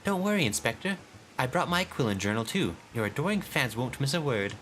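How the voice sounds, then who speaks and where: A man's voice: mid-range voice, big pitch swings, brisk, a bit bright, slight background noise, pitched above the performer's own voice. A man voicing a cheerful young female assistant in a video game, bubbly and upbeat.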